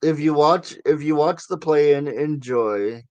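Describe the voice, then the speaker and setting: A man's voice: fairly high pitch, takes it slowly, a loud crowd. Chatty man hosting a sports show. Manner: chatty, sarcastic asides. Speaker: sports podcast host. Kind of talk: casual sports chat.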